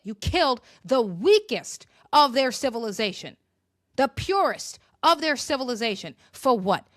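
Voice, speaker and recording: A young woman delivers a heated, sarcastic political rant in a fairly high voice. Her tone is emphatic and pointed. The sound is dry and close, with no room around it. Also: no room sound. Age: young adult. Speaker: commentary vlogger.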